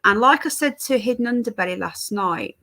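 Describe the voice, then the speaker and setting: A woman's voice: on the high side, lively intonation, brisk, bright, forceful tone. An English woman chatting casually on a live stream, greeting viewers by name while fiddling with her stream settings. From England.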